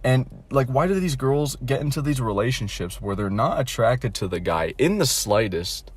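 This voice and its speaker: A man's voice: medium pitch, expressive, moderate pace, slightly rough. A young adult man telling a casual storytime rant, blunt and mocking, rambling with lots of fillers and restarts and frequent swearing. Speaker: vlogger.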